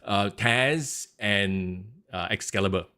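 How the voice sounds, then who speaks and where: A man's voice: fairly low pitch, slow, bright, forceful tone, clean tone. A man, co-hosting a casual wrestling podcast, ranting animatedly and mimicking announcers. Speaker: podcast co-host.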